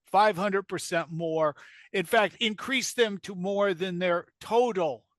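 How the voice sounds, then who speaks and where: High-voiced, sardonic male co-host. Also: takes it slowly, a bit bright, no echo. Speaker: podcast co-host. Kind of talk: casual political chat.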